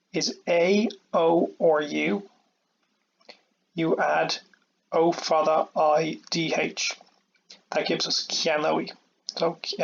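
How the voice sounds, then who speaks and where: Male teacher, patient, explains step by step; slightly high, flat delivery. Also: vocal fry, lo-fi sound, slight background noise. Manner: patient, repeats "okay" and "all right" often. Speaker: Irish language teacher. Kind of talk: explaining a grammar lesson step by step.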